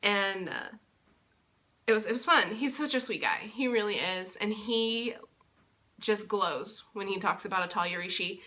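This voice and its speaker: Recapping her convention weekend for a vlog, a young woman from Texas, who works as a convention interpreter, rambles enthusiastically with lots of fillers and restarts. Her voice is medium-pitched, pushed and bright, and she speaks unhurriedly.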